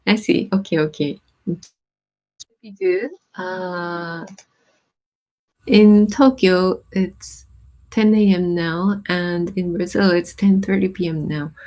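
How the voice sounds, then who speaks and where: A woman's voice: on the low side, darkish tone. Thoughtful woman host explaining song lyrics. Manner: thoughtful, pauses with many "um"s, reads lyrics aloud then explains. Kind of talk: casual live-stream talk, translating and explaining lyrics.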